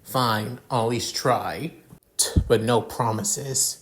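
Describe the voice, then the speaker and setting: Man voicing a sharp-tongued teen boy, sarcastic, cursing, irritable, fan storybook reading, rising a touch high when riled. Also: slow, slightly rough. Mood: irritated. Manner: curses constantly, sarcastic.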